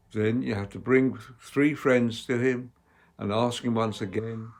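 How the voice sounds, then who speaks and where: Guy preaching a sermon, measured and emphatic, gets loud then soft, mid pitch. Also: lively intonation. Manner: measured, emphatic delivery with strong dynamic swings.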